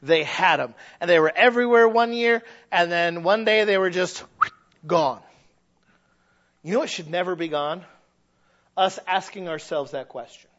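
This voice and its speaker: A man preaching a sermon. His delivery swings from loud shouting to quiet, low asides, and he acts out the quoted voices of his listeners. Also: moderate pace, long pauses, lo-fi sound. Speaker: pastor.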